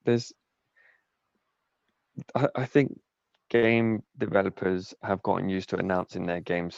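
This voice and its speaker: A man's voice: lowish voice, gravelly, no room sound. A man co-hosting a casual podcast chat, ranting and exasperated, swearing often. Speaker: podcast co-host. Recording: dull lo-fi sound, dry.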